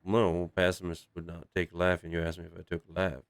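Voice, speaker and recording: A man's voice: low voice, completely flat delivery, quick pace, smooth, dry recording. A man playing a humble half-elf sea captain. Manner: hesitant, apologetic, full of uhs.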